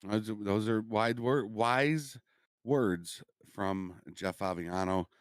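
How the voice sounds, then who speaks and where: Easygoing low-voiced man hosting. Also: slow, clean tone, no room sound, clean studio sound. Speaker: host. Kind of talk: casual chat.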